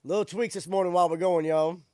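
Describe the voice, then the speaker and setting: A man's voice: sits high, steady tone, fast, dark tone, no room sound, clean studio sound. A man hosting a casual live-stream, chatting loosely with viewers in a laid-back way. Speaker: livestream show host. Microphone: studio microphone with audio interface.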